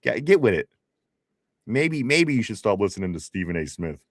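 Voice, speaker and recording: A man's voice: fairly low pitch, sing-song, normal speed, no room sound, studio quality. A man co-hosting a casual live stream, reading viewer comments aloud with laughs, restarts and teasing.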